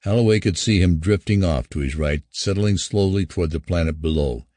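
A man narrating a science fiction story in a measured, even way. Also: low voice, no echo, studio quality.

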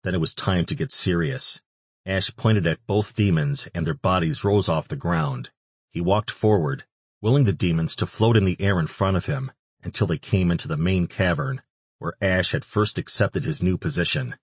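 A man reading a dark fantasy audiobook in steady, measured scripted narration. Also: low-pitched, slightly rough, dry recording.

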